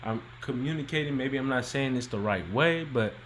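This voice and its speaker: A man's voice: medium pitch, moderate pace, fairly bright tone, slight background noise, poor audio. A man co-hosting a podcast, laid-back and colloquial, reading out and discussing relationship questions. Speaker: podcast co-host. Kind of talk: casual relationship advice chat.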